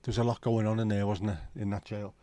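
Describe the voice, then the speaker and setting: A fairly low, dark-toned male voice speaks a little fast in a level tone, recorded with no room sound. He's a middle-aged man hosting a livestream, casually reading the chat and joking around in pub-style banter.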